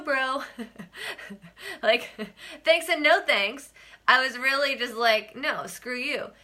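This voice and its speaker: Bright-voiced woman vlogging live. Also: a little high. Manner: chatty, animated, laughs often, acts out quoted exchanges. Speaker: real estate agent and vlog host. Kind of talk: casual live-stream vlog.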